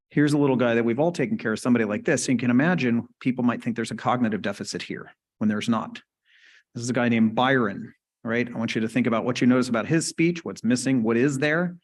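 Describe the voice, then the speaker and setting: A man lecturing at a medical conference in a relaxed, conversational way. He keeps tossing "right?" to the room. His pitch sits in an ordinary middle range. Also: fairly quick. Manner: conversational, asks the audience "right?" often. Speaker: conference lecturer on stroke speech therapy. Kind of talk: clinical lecture.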